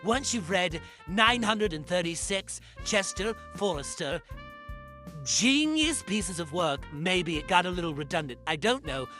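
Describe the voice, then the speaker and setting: A man's voice: high-pitched, very animated, a little slow, bright, forceful tone, faint music behind, exaggerated voice. Chester Forrester, a man playing a vain bestselling author. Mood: pompous. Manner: boastful, indignant, self-important. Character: vain pompous male bestselling novelist, touchy. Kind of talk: comedic mock interview.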